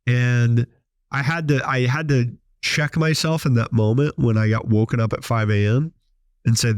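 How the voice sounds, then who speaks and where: A man's voice: medium pitch, normal speed, no echo. Man telling stories in a dry studio. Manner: storytelling, animated quoted voices. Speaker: podcast host, business owner. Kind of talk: casual monologue.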